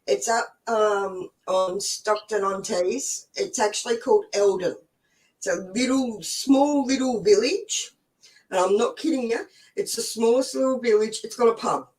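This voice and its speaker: A woman's voice: fairly high pitch, measured pace, darkish tone, distant mic, low-quality recording. An Australian woman in her forties hosting a live stream, telling stories in a chatty way, swearing freely and laughing often. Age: 40s. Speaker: host. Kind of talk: casual live-stream storytelling.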